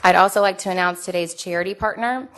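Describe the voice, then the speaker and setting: A woman emceeing a conference, reading announcements and a speaker introduction in a steady, formal way. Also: on the low side, fast talker, a faint crowd. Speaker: event emcee.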